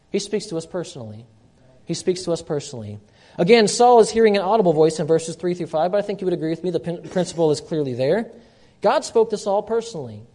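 A man preaching a sermon as pastor, stressing points by repeating them and swinging between loud and soft. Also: high voice. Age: young adult or middle-aged, a parent.

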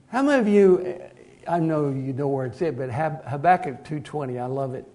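A man preaching a conversational sermon, moving from hushed asides to loud emphatic lines and chuckling at himself. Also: fairly high pitch, animated, normal speed.

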